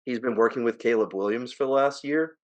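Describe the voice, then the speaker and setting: A man co-hosting a casual sports podcast with a New Jersey accent. His delivery is opinionated and ranting, laced with swearing, and his voice sits at an ordinary middle pitch for a man. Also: fairly quick, highs cut off. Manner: opinionated, ranting, swears, rising to exasperated outbursts. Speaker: podcast co-host.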